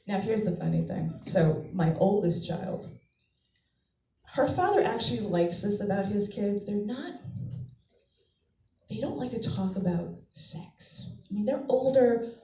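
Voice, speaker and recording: Lively-voiced woman doing stand-up. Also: medium pitch, measured pace, a little hiss or hum. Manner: chatty storytelling, acts out family voices. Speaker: stand-up comedian; mother of two. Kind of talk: stand-up comedy set. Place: comedy club stage. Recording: echoey club, mic from a distance.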